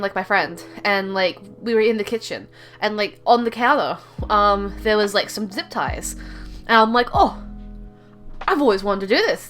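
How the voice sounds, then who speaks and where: A woman's voice: medium pitch, fairly bright tone. A young woman casually telling a rambling story, heavy on fillers and self-mocking.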